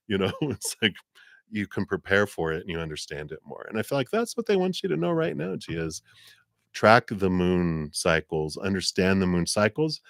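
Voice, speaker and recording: A man's voice: deep voice, big pitch swings, moderate pace, vocal fry, a bit bright, no room sound, clean studio sound. A man giving a live tarot and astrology reading in a rambling, conversational way with many fillers. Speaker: tarot reader.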